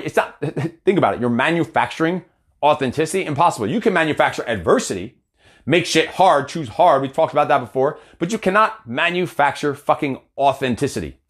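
Fired-up man coach with a higher voice and a swinging pitch, blunt and profane. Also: a bit bright. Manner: blunt, heavy cursing, fired-up. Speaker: accountability coach. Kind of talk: profane motivational talk.

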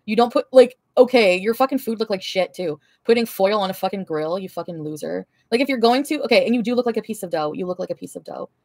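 Fast-talking woman ranting at her chat. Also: mid-range voice, lively intonation, a little mellow, no room sound. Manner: profane, heated, confrontational. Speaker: livestreamer answering chat. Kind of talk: angry livestream rant.

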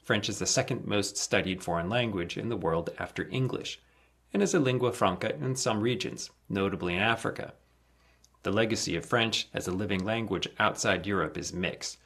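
A man reading an encyclopedia article aloud in a steady list-reading cadence, stressing each item in a list. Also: lowish voice, moderate pace, creaky, husky. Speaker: volunteer reader.

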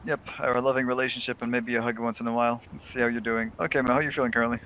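A man's voice: medium pitch, little pitch movement, rapid-fire, a bit bright, a little hiss or hum. A man role-playing a paramedic in a game, talking in stiff, formal medical jargon. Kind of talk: in-character game role-play.

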